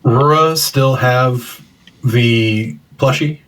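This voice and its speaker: A man's voice: medium pitch, very slow, a bit bright, far from the mic. A man playing a tabletop game, chatting loosely and rambling about his character. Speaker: player. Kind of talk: casual tabletop game chat.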